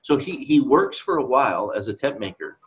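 A man's voice: medium pitch, sing-song, brisk. Middle-aged man, rambling Bible chat. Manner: rambling, laughs at his own asides. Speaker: co-host of Bible discussion. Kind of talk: casual Bible study chat. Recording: slightly dull lo-fi audio.

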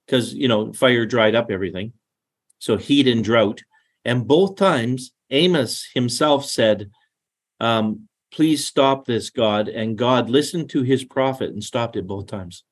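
A man's voice: mid-range voice, breathy edge. A middle-aged man co-hosting a casual Bible discussion, talking in a rambling, conversational way with restarts and asides. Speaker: Bible study co-host.

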